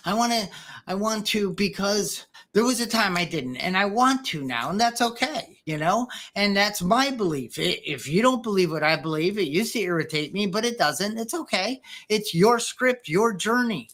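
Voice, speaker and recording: A woman with a lowish voice chats on a podcast, wandering from thought to thought. She restarts her sentences and fills the gaps with "uh" and "you know". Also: fairly bright tone. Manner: rambling, many restarts and fillers, acts out quoted dialogue. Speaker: podcast host. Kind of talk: casual podcast conversation. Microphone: podcast microphone.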